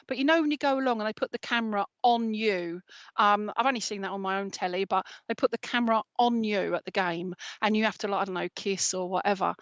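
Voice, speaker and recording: A woman working as a psychic medium, giving a gentle, reassuring live reading and often checking in with "okay?". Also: mid-range voice, no room sound, highs cut off.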